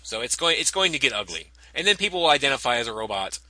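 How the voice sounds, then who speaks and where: A man's voice: mid-range voice, very animated, quick pace, bright, forceful tone, dry recording, rough recording. A man co-hosting a podcast, wry and hesitant with lots of ums. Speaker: podcast co-host. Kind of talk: casual chat.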